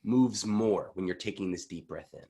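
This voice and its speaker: A man coaching a vocal warm-up over a video call, with energetic demonstrations that sometimes get loud. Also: low-pitched, normal speed, slightly rough. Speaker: pitch coach. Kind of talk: online voice workshop.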